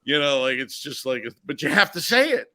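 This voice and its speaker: A man talking as a filmmaker guest on a podcast in casual chat, animated and acting out scenes in other voices. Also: a little high, a little fast.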